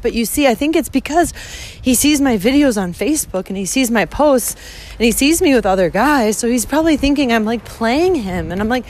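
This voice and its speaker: A woman's voice: a little high, expressive, brisk, a little mellow, slight background noise. A young woman in a casual walking vlog, talking candidly and emotionally, swearing often, recorded outdoors on a phone. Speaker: vlogger. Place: outdoors walking to a train station.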